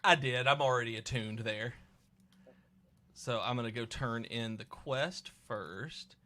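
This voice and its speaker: A man's voice: medium pitch, unhurried, pushed and bright. A young adult man hosting a livestream, chatting enthusiastically and casually while playing. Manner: enthusiastic, chatty, hums to himself. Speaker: livestream host. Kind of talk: casual gameplay chat.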